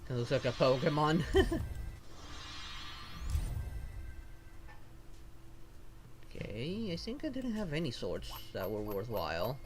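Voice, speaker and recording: A man's voice: medium pitch, big pitch swings, a little fast, hardly any pauses, faint music behind. A man streaming as a VTuber, casually thinking aloud while he pulls and sorts game rewards. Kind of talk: casual gameplay commentary.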